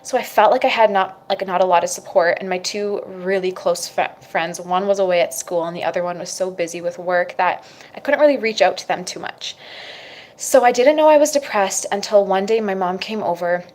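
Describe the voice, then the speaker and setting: A woman's voice: medium pitch, fairly quick, a little mellow. A young woman, a mother, candidly telling her personal story to camera, with frequent fillers. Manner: candid, emotional at times, many fillers like "like".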